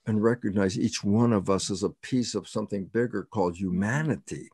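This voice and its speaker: A man's voice: on the low side, fairly quick, darkish tone, husky, dry recording, studio quality. An older man being interviewed as a scientist, explaining in an emphatic way, repeating key words and quoting himself.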